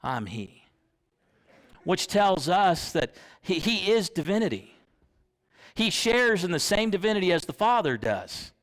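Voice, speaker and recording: A young man preaching in church, his voice sitting fairly high. He talks in a conversational way and keeps asking the congregation questions. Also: very animated, unhurried, a bit bright. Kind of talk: sermon.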